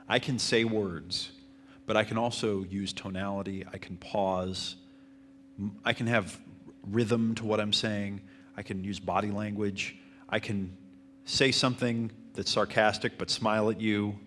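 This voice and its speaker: A man teaching marketing at a live seminar, answering audience questions in a fairly even, self-described monotone manner. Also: fairly low pitch, measured pace, a little hiss or hum. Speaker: marketing instructor.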